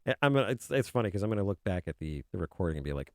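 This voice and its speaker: A man streaming video games, chatting casually and mocking himself while he mutters at his software. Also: low voice, big pitch swings, rapid-fire, hardly any pauses, no room sound, clean studio sound. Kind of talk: casual game stream chat.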